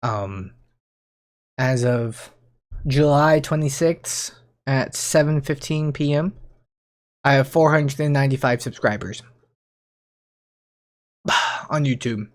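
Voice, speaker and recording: A young man talking casually to camera as a streamer, rambling and excitable, often restarting his sentences and jumping in pitch when he gets worked up. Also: slow pace, pauses often. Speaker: streamer and YouTuber. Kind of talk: casual vlog monologue.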